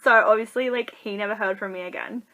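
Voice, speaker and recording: A woman's voice: mid-range voice, quick pace, pushed and bright, poor audio. A young woman giving casual dating advice in a chatty vlog, full of fillers and acted-out quotes. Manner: chatty, full of likes, acts out quoted people. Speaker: vlogger.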